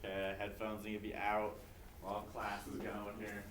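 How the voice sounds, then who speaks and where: Teaching a live class, a man drills new vocabulary through call and response, repeating prompts and scattering "okay" throughout. His ordinary-pitched voice is completely flat at normal speed, recorded from a distance across an echoey classroom with faint noise.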